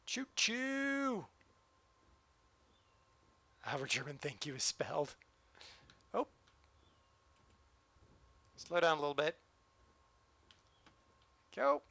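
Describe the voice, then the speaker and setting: Bright-voiced man joking through a train game. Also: a little high, sing-song, slow, vocal fry, pauses often, husky. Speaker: streamer. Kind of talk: live-stream gameplay commentary.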